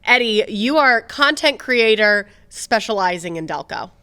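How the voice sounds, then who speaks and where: A woman with a Delaware County, Pennsylvania accent, co-hosting a casual chat show in an animated way. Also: on the high side, unhurried, smooth. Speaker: co-host.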